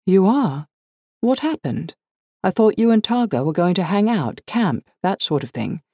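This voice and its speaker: A woman voicing a brisk middle-aged woman lawyer with a put-on aristocratic English accent, talking in a clipped, distracted way. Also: medium pitch, very animated, dark tone, dry recording, studio quality, pitched above the performer's own voice. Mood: quizzing.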